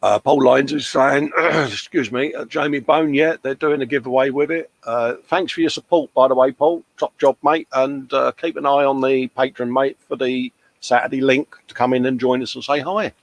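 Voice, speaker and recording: A man's voice: mid-range voice, fairly even intonation, moderate pace, few pauses. Chatty British man hosting a livestream. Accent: British English. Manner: chatty, reads out viewer comments, calls people mate. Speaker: livestream host. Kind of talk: casual livestream chat.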